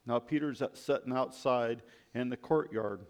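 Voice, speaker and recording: A man's voice: medium pitch, moderate pace, a little mellow. A man preaching a sermon and reading scripture aloud, reflecting on the passages.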